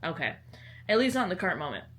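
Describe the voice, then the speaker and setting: A woman's voice: lowish voice, very animated, rapid-fire. Bubbly chatty young Southern woman. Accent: Southern American. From American South. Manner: bubbly, chatty, dramatic swings into shouting and laughter. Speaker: book vlogger. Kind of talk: casual vlog chat.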